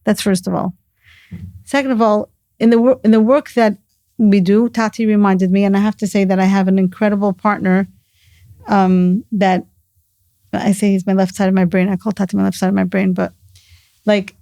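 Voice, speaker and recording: A woman's voice: medium pitch, flat delivery, moderate pace, warm tone, no echo. A middle-aged woman talking earnestly in a casual conversation, telling stories and mixing in Hebrew and Yiddish words. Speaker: guest, mother of the host.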